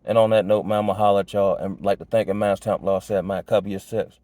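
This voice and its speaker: A man talks through life advice in a relaxed, reflective monologue. His voice sits low and mellow and comes across dry and close. He talks in loose slang and keeps checking in with "you know what I mean". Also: quick pace, dry recording. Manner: laid-back, slang-heavy, full of "you know what I'm saying"; reflective and earnest. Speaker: vlogger sharing life advice. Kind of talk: casual motivational monologue.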